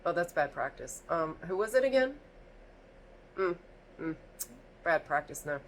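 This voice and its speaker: A woman's voice: on the low side, expressive, a little slow, slight background noise. A woman mimicking a condescending female doctor who talks down in curt, repetitive phrases. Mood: dismissive.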